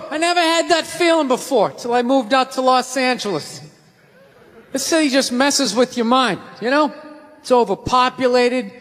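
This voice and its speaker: Loud high-pitched Boston man ranting on stage. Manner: animated, shouting, mocking impressions. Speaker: stand-up comedian. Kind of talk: stand-up comedy rant. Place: comedy stage before a live audience. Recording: live stage with crowd laughter.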